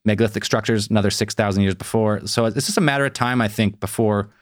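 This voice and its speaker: Guy with a lowish voice rambling on a podcast, dry close sound. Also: fast talker, no echo. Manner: rambling, speculative, swears casually. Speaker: podcast co-host. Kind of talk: casual chat.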